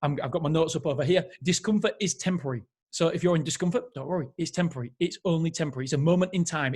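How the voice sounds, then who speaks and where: A man's slightly high, darkish-toned voice moves at a quick pace with few pauses. As a podcast host, he reviews a book casually and enthusiastically, often rambling and correcting himself.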